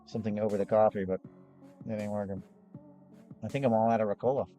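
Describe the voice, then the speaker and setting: A hoarse man, losing his voice, hosts a live gem and fossil sales show in a rambling, chatty way with frequent restarts. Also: fairly low pitch, fairly even intonation, fast talker, dark tone, soft background music. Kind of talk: casual live-stream sales chat.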